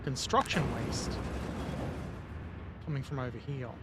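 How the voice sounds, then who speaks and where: A man with a medium-pitched, expressive voice talks at a measured pace over a very noisy recording. He's a gaming video host doing casual let's-play commentary, rambling and joking to himself as he plays.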